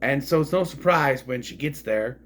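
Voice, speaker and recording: A man's voice: medium pitch, expressive, normal speed, fairly bright tone. A man casually reviewing a film, rambling and frank, swearing freely as he complains. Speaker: movie reviewer.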